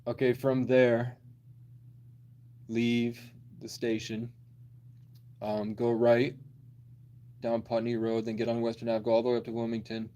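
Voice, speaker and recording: A man's voice: mid-range voice, completely flat delivery, unhurried, pauses often, warm tone, muffled recording. A man in his twenties telling a long personal story in a rambling, blunt, profane way on a livestream. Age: 20s.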